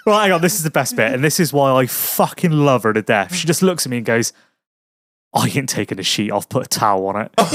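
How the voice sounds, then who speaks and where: A man's voice: mid-range voice, very animated, a little fast, heavy background noise. A man telling a crude anecdote on a podcast, swearing a lot and laughing at his own story in casual chat. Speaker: podcast host.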